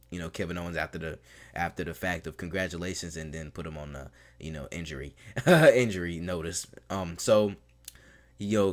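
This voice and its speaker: A man with a low, deep voice talks casually through a review like an eager fan. He strings his thoughts together loosely, leaning on fillers like "man" and "you know.". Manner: mimics the people he quotes in a raised voice. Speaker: wrestling show reviewer.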